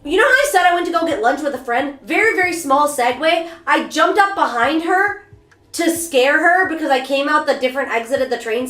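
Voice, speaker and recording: A woman streamer telling a story to her chat in a casual, animated, rambling and self-mocking way. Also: sits high, echoey room. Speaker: VTuber streamer. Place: bathroom during a bath.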